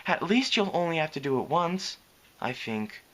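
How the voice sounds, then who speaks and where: Man doing a timid soft-spoken mare, meek, hesitant, raised pitch. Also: sing-song, normal speed.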